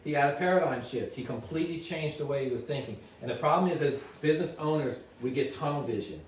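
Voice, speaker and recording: A man's voice: on the high side, quick pace, recorded from a distance, a little hiss or hum. Middle-aged man speaking in an echoey hall. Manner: lively storyteller, asks the room questions. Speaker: business owner giving a presentation. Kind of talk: conference talk to an audience. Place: meeting room at an annual meeting.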